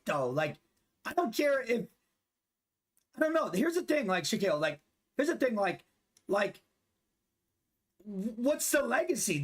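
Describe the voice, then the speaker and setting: A man in his twenties, with an extremely high-pitched and fairly bright voice, streams a basketball video game with teammates. His live-stream chat is casual, loose, profane, and rambling.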